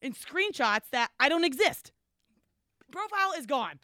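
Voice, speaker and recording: A woman's voice: high-pitched, sing-song, unhurried, bright, forceful tone, dry recording, clean studio sound. Chatty woman telling a story. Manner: storytelling, acts out quotes, laughs often. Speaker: podcast co-host. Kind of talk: casual chat.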